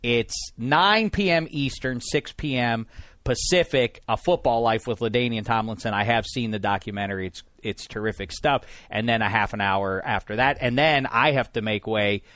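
A man's voice: mid-range voice, normal speed, dry recording. Jokey guy hosting a sports podcast, rambling, dry close studio sound. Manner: lively, jokey, rambling with many fillers. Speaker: podcast host. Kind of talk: casual sports chat.

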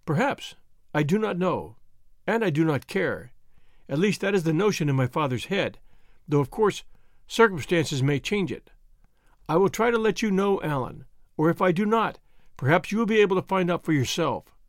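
A man's voice: sits high, lively intonation, normal speed, no echo. Young woman pledging loyalty, earnest and solemn, read by a man, dry booth sound. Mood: tender. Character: devoted young woman, tender and resolute.

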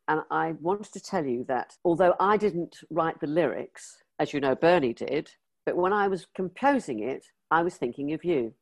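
An older British woman, a former magazine editor, telling stories in an interview and acting out the voices in her anecdotes. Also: low voice. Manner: lively anecdotal storyteller, acts out quoted dialogue. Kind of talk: storytelling interview.

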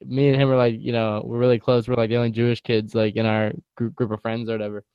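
A man's voice: mid-range voice, little pitch movement, fast, clear, resonant tone, dry recording, highs cut off. A young man co-hosting a casual chat, laid-back and slangy, telling stories.

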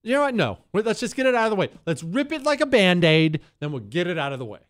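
A man hosting a talk radio show, delivering an opinionated casual monologue that is sarcastic and animated, breaking into high silly voices. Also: fast talker, no echo, studio quality.

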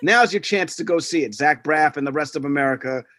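A man co-hosting a podcast, telling animated stories and acting out the quotes in casual chat. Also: fairly high pitch, fairly quick, dry recording, studio quality. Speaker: podcast co-host.

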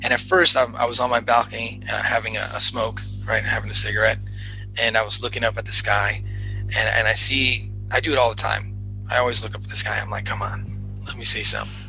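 A man as a podcast guest, telling a story in casual chat, animated and repeating himself as he goes. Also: mid-range voice, quick pace, creaky, music in the background, rough recording. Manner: animated, repeats himself, acts out his own excited shouts.

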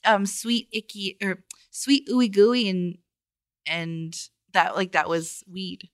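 A woman's voice: mid-range voice, steady tone, slow, smooth, no echo, studio quality. A woman co-hosting a podcast in casual chat, playful, breaking into bits of songs. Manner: playful, sings snatches of songs. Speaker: podcast co-host.

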